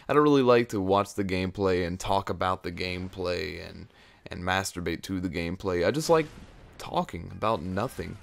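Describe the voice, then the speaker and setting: Low-voiced young man rambling into close mic. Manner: rambling, filler-heavy, off-topic. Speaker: gaming video creator. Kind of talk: casual chat over gameplay footage. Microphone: close mic right at his face.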